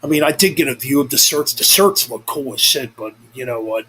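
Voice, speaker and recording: A young male vlogger rambles through casual chat, swearing freely and correcting himself as he goes. His medium-pitched voice is animated, brisk, pushed and bright, with a slight roughness, and the recording itself is rough.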